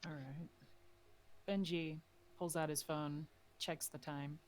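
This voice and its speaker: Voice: mid-range voice, steady tone, takes it slowly. A player in a tabletop game, casually narrating a character's actions with fillers.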